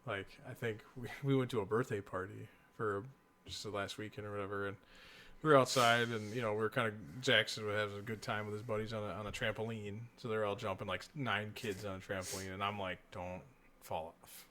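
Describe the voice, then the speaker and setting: A man's voice: fairly low pitch, fairly even intonation, fast, sharp tone, slight background noise. A man co-hosting a casual podcast, telling stories about his kids in a laid-back way. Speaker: podcast co-host.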